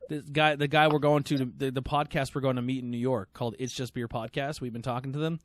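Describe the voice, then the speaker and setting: A man's voice: mid-range voice, steady tone, fast talker, no room sound. A man hosting a podcast, telling rambling stories full of swearing. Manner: profane, rambling storyteller. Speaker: podcast host. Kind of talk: casual chat.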